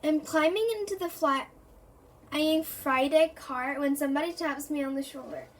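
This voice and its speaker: Woman reader for children's chapter book narration; high, slow, expressive delivery. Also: slight background noise. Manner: first-person storybook narration, expressive. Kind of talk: reading a children's book aloud.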